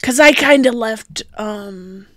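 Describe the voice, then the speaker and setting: A woman's voice: on the high side, takes it slowly, fairly bright tone, no echo, clean studio sound. A woman player chatting casually at a tabletop game, laughing often and restarting her sentences.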